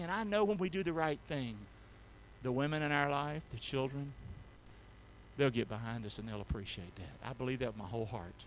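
A male pastor preaching a sermon in a church, drawing call-and-response from the congregation and swinging from soft asides to shouted emphasis. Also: mid-range voice, brisk, slight background noise. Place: church sanctuary.

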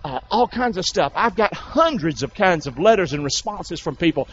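A man preaching a lively sermon in a large church, coaxing the congregation to answer and join in. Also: high voice, moderate pace, dull audio, a little hiss or hum. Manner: animated, coaxing calls to the congregation. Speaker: pastor.

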